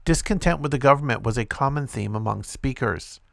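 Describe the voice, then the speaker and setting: A man, hosting a short show and reading a news report aloud in a steady, measured way. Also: mid-range voice, creaky, no echo, studio quality. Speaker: host.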